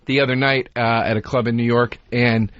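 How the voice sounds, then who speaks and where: A man co-hosting a casual podcast, who tells his stories and gets loud when he quotes people. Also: mid-range voice, little pitch movement, a little fast. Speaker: comedian co-host. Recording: dull dry lo-fi sound.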